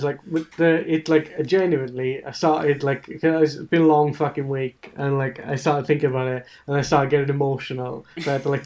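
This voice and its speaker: A man's voice: a little high, a little mellow. A man in a casual podcast chat, gushing enthusiastically and swearing freely.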